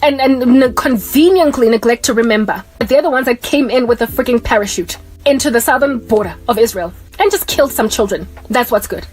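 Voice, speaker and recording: A woman speaks in a rapid, emphatic rush. She delivers an impassioned religious monologue in a raised, preachy voice. Faint music plays underneath. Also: a little high, darkish tone. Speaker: Christian vlogger.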